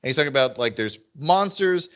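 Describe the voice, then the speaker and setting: A man co-hosting a podcast in casual chat, animated and often mimicking characters in high excited voices. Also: fairly quick, dull audio. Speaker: podcast co-host.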